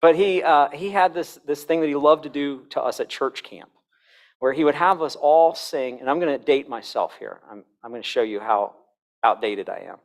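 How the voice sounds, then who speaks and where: A man's voice: a little high, normal speed. A middle-aged man giving a conference talk to a Christian audience in a conversational, humorous lecturing manner with self-deprecating asides. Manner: demonstrates tones of voice and sings examples aloud. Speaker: conference speaker.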